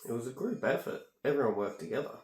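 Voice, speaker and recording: This vlogger talks fast and animatedly in a medium-pitched, slightly mellow voice, airing grievances in a rambling, casual monologue while he ear candles at home. Soft music plays in the background, and the room echoes.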